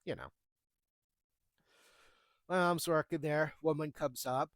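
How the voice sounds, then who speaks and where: A man's voice: a little high, slow, dry recording. A man in his thirties telling retail work stories in a casual, wry way, acting out the dialogue as he goes. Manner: chatty, wry, acts out the dialogue. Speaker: storyteller recounting retail jobs. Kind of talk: casual storytelling.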